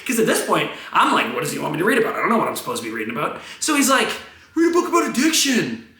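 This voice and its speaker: A man in his twenties rambling through a profane, animated vlog monologue. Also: on the high side, rapid-fire. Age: 20s. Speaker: vlogger. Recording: roomy, echoey room.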